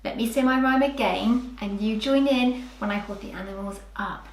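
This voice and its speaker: A woman teacher giving a preschool phonics lesson, talking slowly to small children in a sing-song, animated way. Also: fairly high pitch. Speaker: early years teacher. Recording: roomy echoey room.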